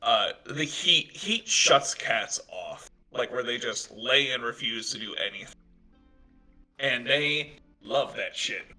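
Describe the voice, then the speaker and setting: Male game master, lively pitch, casual jokey narration, faint music behind. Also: slow pace, distant mic, low-quality recording. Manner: casual, joking, many fillers.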